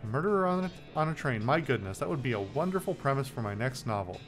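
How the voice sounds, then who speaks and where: A man's voice: medium pitch, expressive, fast, soft background music, natural voice. A man voicing a friendly middle-aged woman mystery novelist in a video game, with a put-on American northeastern accent and a chatty, motherly manner.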